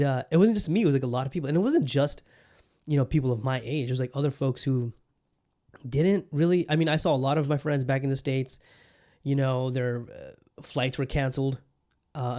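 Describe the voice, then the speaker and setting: A man's voice: medium pitch, brisk, mellow. A young adult man hosting a podcast on his own, chatting casually in a rambling way with lots of fillers and restarts. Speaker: podcast host. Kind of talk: casual solo podcast chat.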